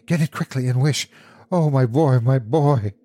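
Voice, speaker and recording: A man's voice: a little high, sing-song, normal speed, darkish tone, breathy edge, voice pushed up, exaggerated voice. A man voicing a frantic, grieving old woman who pleads hysterically.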